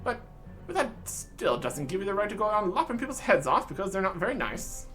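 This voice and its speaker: A man's voice: high voice, very animated, brisk, sharp tone, soft background music, pitched above the performer's own voice, exaggerated voice. Man as a pompous bearded old dwarf, plummy old-fashioned posh diction, sing-song delivery. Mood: jolly.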